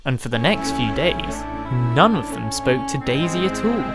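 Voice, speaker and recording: A narrator reading a railway storybook with a gentle, lively manner, over music. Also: medium pitch, normal speed.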